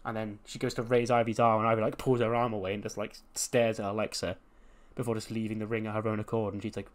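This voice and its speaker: A man's voice: fairly low pitch, level tone, quick pace. A man casually narrating a wrestling sim playthrough in a rambling, swearing way. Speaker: game streamer.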